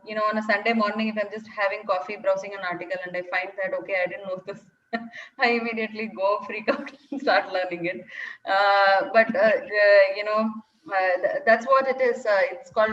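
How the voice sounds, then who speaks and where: A woman's voice: medium pitch, a bit bright. A woman speaking in an online Q&A session, answering thoughtfully with many fillers and restarts. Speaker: data science speaker answering questions. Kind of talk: online Q&A talk. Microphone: video call. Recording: distant, dull lo-fi call audio.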